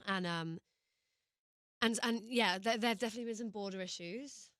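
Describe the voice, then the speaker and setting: A woman's voice: medium pitch, moderate pace, a bit bright, no echo. A British woman, a singer, chatting casually as a guest in a radio studio interview, hesitant with lots of ums and little laughs.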